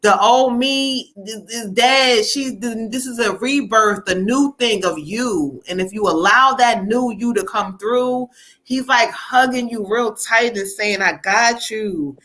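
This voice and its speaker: Chatty bright-voiced woman giving readings. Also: on the high side, slow. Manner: chatty, laughs often, relays spirit messages. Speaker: psychic reader hosting a live stream. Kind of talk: live tarot reading.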